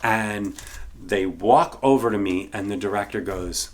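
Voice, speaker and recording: A middle-aged man, an actor and bartender, telling a casual story in an animated way. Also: fairly low pitch, a little slow. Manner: animated, acts out the people he quotes.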